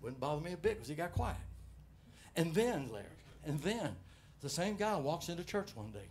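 High-voiced folksy Southern pastor preaching. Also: male voice, moderate pace, slight background noise. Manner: folksy, animated, shifting from loud exhortation to quiet asides. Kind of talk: sermon. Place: church sanctuary.

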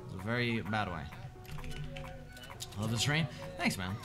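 A young man streaming live, chatting with his viewers in a joking, sarcastic way and swearing often as he swings between mutters and shouts. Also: on the low side, animated, a little slow. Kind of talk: casual live-stream chat, answering viewers. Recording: game stream with clear background music.

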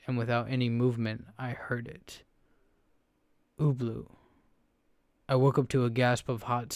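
A man narrating a first-person horror story in a steady, low storytelling delivery. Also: creaky, clear, resonant tone, no room sound, clean studio sound.

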